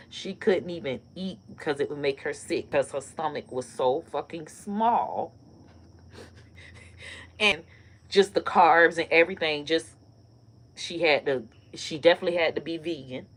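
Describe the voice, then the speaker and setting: A woman hosting a casual comedy live stream, telling stories and ranting in a loose, profane, animated way with bursts of laughter. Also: deep voice. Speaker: online comedy host.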